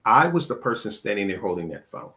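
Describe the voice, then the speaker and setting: Low-voiced man hosting a casual interview. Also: very animated, quick pace, pushed and bright. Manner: storytelling, repeats words when starting sentences. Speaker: interview host.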